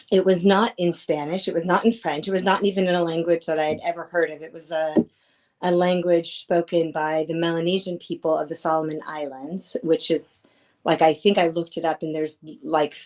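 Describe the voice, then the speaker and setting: A woman's voice: on the low side, darkish tone. A woman actress, a guest on a podcast, talking through her experience in a thoughtful, meandering way. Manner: thoughtful, rambling with fillers. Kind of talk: casual interview chat.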